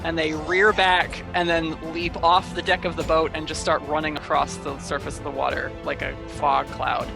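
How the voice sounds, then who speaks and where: A man running a tabletop game as game master, narrating scenes in steady detail. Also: a little high, normal speed, few pauses, low-quality recording. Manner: steady, descriptive storytelling. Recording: music playing clearly behind.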